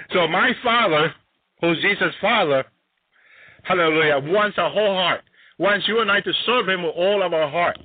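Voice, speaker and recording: A man's voice: on the high side, normal speed, no room sound. A man preaching a sermon, emphatic and repetitive, often exclaiming hallelujah. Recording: tinny phone-like sound.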